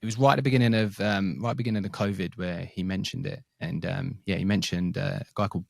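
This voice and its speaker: A man's voice: low voice, steady tone, quick pace, gravelly, no room sound, clean studio sound. A man who is a podcast guest, recounting his career in a rambling, anecdotal, casual way. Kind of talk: casual interview chat. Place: works in Sydney, Australia.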